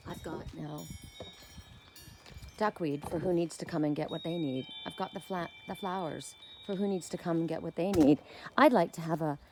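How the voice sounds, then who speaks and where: Earnest spiritual woman, low voice. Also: darkish tone, slight background noise. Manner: rambling, repeats herself, earnest and heartfelt. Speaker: oracle card reader. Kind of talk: casual spiritual vlog, showing her yard. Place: outdoors in her yard.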